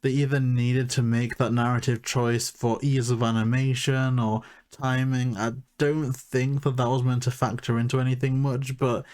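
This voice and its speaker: A man's voice: mid-range voice, flat delivery, normal speed, hardly any pauses, a little mellow. Man chatting casually on a podcast. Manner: chatty, self-deprecating humour. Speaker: podcast co-host. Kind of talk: casual review chat.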